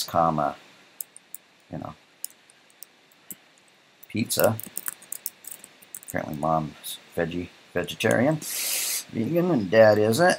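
A man's voice: low voice, husky. A man teaching a programming lecture while coding live, thinking aloud in a casual way and often checking in with "right?". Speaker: programming instructor.

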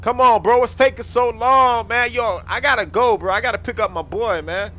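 A man's voice: extremely high pitch, moderate pace, bright, forceful tone. A man playing a whiny young driver pulled over by a cop, pleading and complaining. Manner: pleading and complaining, calls everyone bro.

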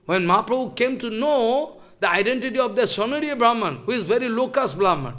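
A man's voice: extremely high pitch, expressive, a little fast, few pauses, fairly bright tone. A man giving a sermon as a spiritual teacher, emphatic and scolding, firing off rhetorical questions.

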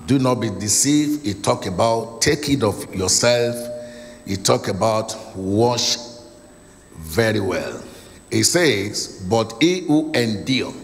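A man's voice: mid-range voice, in a large hall. A male pastor with a Nigerian English accent preaching a sermon, stressing points by repeating phrases. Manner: emphatic, repeats key phrases. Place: church hall.

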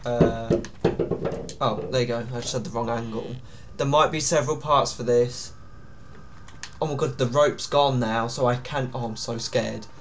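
A man's voice: mid-range voice, fairly even intonation, moderate pace, slight background noise. A man giving nervous, jumpy commentary while playing a horror game. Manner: jumpy, nervous, often pleading to himself. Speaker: gaming YouTuber.

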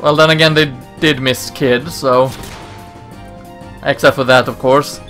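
A man's voice: medium pitch, fairly even intonation, a little slow, fairly bright tone, faint music behind. A man casually commenting on his gameplay in a chatty way, reading dialogue aloud in voices. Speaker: let's play host.

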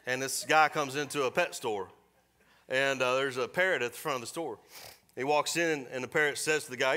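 A middle-aged man preaching a sermon in a church, folksy and storytelling, slipping into quick voiced asides. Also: fairly high pitch, bright, forceful tone. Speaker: pastor. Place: church sanctuary.

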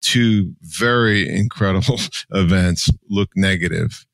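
A man's voice: deep voice, takes it slowly, creaky, fairly bright tone, no echo. A man in his sixties from New Jersey, a podcast guest telling his life story candidly and with emotion. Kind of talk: personal storytelling.

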